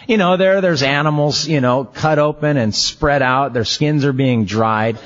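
A man preaching a sermon, telling the story in a lively, conversational way. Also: medium pitch, unhurried. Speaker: pastor. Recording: slightly dull lo-fi sound.

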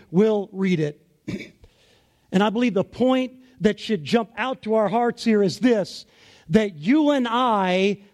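A man preaching a sermon as pastor, in a slow, deliberate and emphatic way. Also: high voice, darkish tone.

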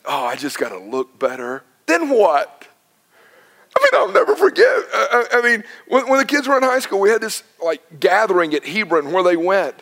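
A middle-aged man preaching a sermon as pastor, telling stories with lively quoted dialogue. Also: high voice, normal speed, vocal fry. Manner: animated storytelling with quoted dialogue.

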